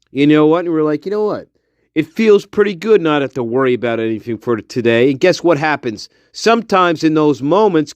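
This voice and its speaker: A man hosts a casual livestream, giving his viewers a swearing, fired-up pep talk. He speaks slowly in a slightly high voice that swings widely in pitch. The sound is dry and close. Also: dry recording. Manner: profane, emphatic pep talk to chat viewers. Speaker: livestream host.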